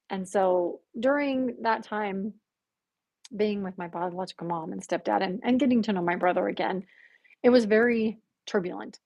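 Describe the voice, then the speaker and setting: Animated woman telling her story, dry sound. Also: medium pitch, gravelly, slightly rough, dry recording. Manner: animated storytelling, acting out quoted voices with gasps. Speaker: podcast guest. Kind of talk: telling a personal story in conversation.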